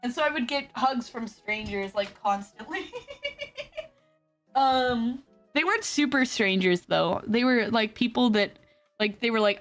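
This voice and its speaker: A young woman VTuber telling a story in a casual, animated way, laughing often. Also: measured pace, soft background music. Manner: animated, laughs often, acts out quotes in high squeals. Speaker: VTuber streamer.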